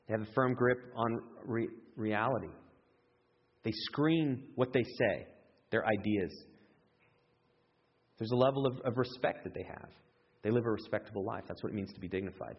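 A man preaching a sermon in an animated way, jumping up in pitch when he acts out excited voices. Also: slightly rough. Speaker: pastor. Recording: echoey hall, dull lo-fi sound.

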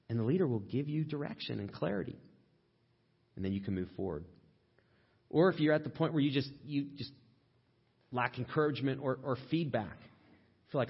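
A male pastor delivering a sermon in a relaxed, conversational manner, now and then mimicking a complaining voice. His voice is husky, and the recording sounds dull and lo-fi. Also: normal speed. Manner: conversational, acts out quoted complaints in a higher voice.

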